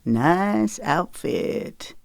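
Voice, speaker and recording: A woman's voice: very deep voice, animated, takes it slowly, darkish tone, dry recording, clean studio sound, voice pushed down, exaggerated voice. A woman voicing a teasing, protective young rancher man with an easygoing country drawl.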